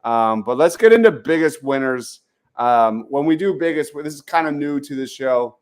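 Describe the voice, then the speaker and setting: A man's voice: mid-range voice, lively intonation, normal speed. A man hosting a casual sports talk show, reading out viewer comments and laughing easily. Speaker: podcast host.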